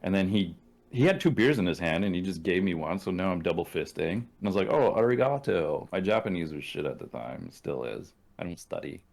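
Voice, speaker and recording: Canadian man, low voice, casual profane storyteller, acts out quotes. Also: lively intonation, a little fast, vocal fry, darkish tone. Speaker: podcast guest.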